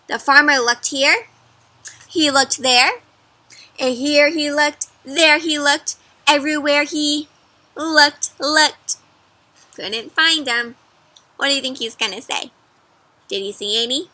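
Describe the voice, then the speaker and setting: A woman's voice: high-pitched, takes it slowly, pauses often. A woman doing an interactive read-aloud for children, stopping often to ask them questions. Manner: asks children questions, animated. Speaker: storyteller.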